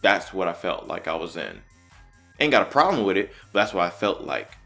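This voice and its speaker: A man's voice: low voice, big pitch swings, a little fast, gravelly, a bit bright, faint music behind. A man rambling with many fillers as a reaction panelist. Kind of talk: casual chat.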